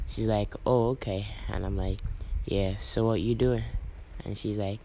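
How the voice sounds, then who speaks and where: A young man tells a story in a low, gravelly voice that stays flat. He rambles through a retold text chat with endless "I'm like". Faint noise hums behind him. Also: unhurried, low-quality recording. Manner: low-key, rambling retelling with many "I'm like". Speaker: vlogger. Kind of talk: casual storytelling, reading out texts.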